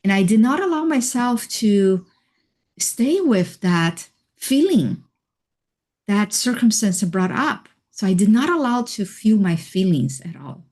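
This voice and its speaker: A woman guest on a video call, telling her own story slowly and thoughtfully, with soft laughs and fillers. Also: mid-range voice, sing-song. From Hawaii. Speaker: interview guest, healer and life coach. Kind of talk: reflective personal storytelling.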